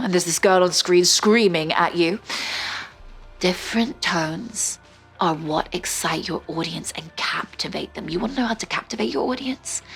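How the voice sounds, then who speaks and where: High-voiced woman coaching viewers. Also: slightly rough. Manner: dramatic swings between soft near-whispers and loud upbeat bursts; emphatic, coaching, addresses viewer directly. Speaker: motivational speaker. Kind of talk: direct-to-camera coaching talk.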